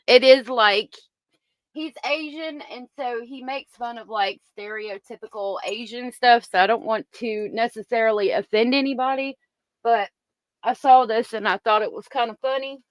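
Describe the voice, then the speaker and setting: A woman's voice: fairly high pitch, normal speed, no room sound. A woman hosting a livestream, chatting casually and thanking viewers by name. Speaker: host of a true-crime livestream.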